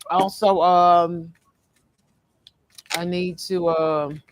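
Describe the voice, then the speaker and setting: A man giving a casual, rambling tarot reading from a fast-food restaurant, full of fillers and restarts. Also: high-pitched, little pitch movement. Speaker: tarot reader. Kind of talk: casual spiritual card reading vlog.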